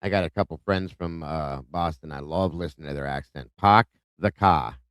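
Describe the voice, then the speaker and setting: A livestream host from Ohio, speaking from home, casually greets viewers by name and reads their comments aloud. His very deep voice is clean and a little fast, captured in a dry recording.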